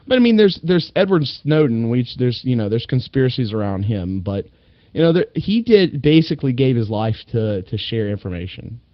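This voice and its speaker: Brief: mid-pitched male co-host, loose and profane, laughs a lot, dry lo-fi audio. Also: big pitch swings, moderate pace, hardly any pauses, no echo. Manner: rambling, laughs often, profane. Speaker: podcast co-host. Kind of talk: casual political chat.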